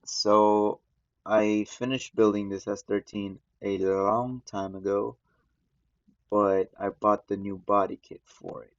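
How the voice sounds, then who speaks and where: Feeling unwell after just waking up, a man hosting a gaming channel offers casual commentary over gameplay, slow, relaxed and rambling. The recording of his lowish voice is dry and muffled.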